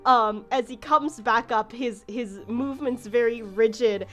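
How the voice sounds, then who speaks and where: A woman's voice: on the high side, a little slow, a bit bright, faint music behind. A woman narrating a tabletop game as game master, casual and rambling. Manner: casual, many fillers and restarts.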